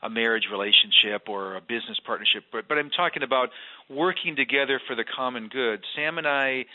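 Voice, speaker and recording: An earnest man speaks as a guest about faith and community, pressing his points with emphasis. His voice comes through a thin, phone-like line. It sits at an ordinary pitch for a man. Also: a little fast. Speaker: guest, former mayor. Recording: tinny phone-line sound.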